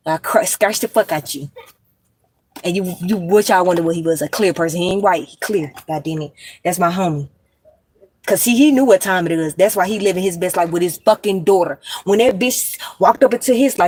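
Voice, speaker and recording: A woman's voice: on the low side, quick pace, a little mellow, dry recording. Profane rambling woman, dry close sound. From United States. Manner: profane, rambling, stream-of-consciousness, addresses viewers as y'all. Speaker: vlogger. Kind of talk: rambling monologue to camera.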